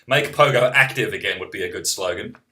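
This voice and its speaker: A young New Zealand man with a fairly low voice chats casually on a live stream, reading out viewer questions at a fairly quick pace. His delivery is pushed and bright, wry and rambling, and he often interrupts himself.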